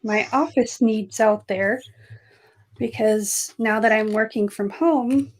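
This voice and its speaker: A middle-aged woman chats casually while making art on a live stream, laughing a lot and making fun of herself. Her slightly high voice takes things slowly, and the audio quality is poor.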